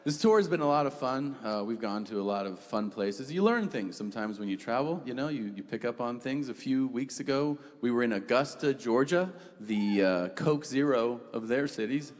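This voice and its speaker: Male stand-up comedian, forties, lively delivery with character voices, echoey hall with audience noise. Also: mid-range voice, normal speed, hardly any pauses. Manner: animated, acts out characters with shifting voices. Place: large theater stage.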